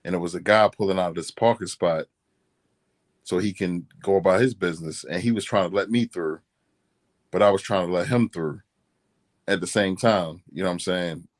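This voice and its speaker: A man's voice: sits low, moderate pace. A married man chatting casually as a co-host, telling a story in a laid-back, earnest way, often saying "you know what I'm saying". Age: adult.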